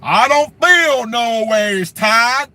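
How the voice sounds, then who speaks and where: A man mocking a woman politician who preaches and shouts to a church crowd. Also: extremely high pitch, lively intonation, drawn-out words, full character voice. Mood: pandering.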